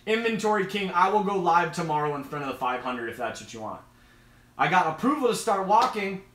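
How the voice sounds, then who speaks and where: A man's voice: sits high, big pitch swings, a little fast, fairly bright tone, reverberant, slight background noise. A man hosting a casual live stream, talking with eager, rambling enthusiasm. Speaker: host of an aquarium live stream.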